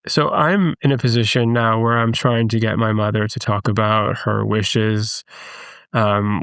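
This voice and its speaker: A man in his fifties from the production team, speaking candidly and haltingly about personal matters. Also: mid-range voice, fairly bright tone, clean tone, no room sound, studio quality. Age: 50s. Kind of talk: podcast conversation.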